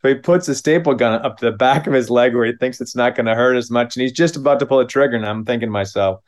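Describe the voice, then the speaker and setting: Middle-aged male storyteller from Minneapolis; halting, self-deprecating delivery, average pitch. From Minneapolis, United States. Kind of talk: live comic storytelling.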